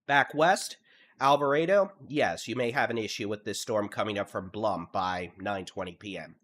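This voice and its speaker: A man's voice: fairly low pitch, normal speed. Texan man calling live storm warnings. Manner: steady briefing cadence, lists place names, at times monotone. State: congested from allergies. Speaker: storm chaser and severe weather streamer. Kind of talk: live weather coverage commentary.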